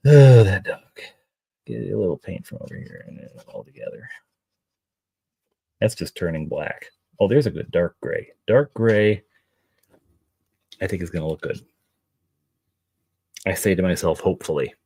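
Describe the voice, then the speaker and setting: Deep voiced middle aged guy rambling on a painting stream, dry room, no echo. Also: normal speed, vocal fry, long pauses, darkish tone, husky. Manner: chatty and rambling, talks to his dog and to chat. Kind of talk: casual live-stream chat.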